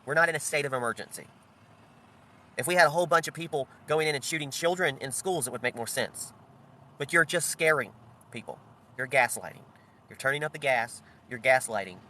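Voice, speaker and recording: A man's voice: medium pitch, fairly quick, long pauses, bright, forceful tone, a little hiss or hum. A middle-aged man giving solo political commentary, blunt and sarcastic in tone.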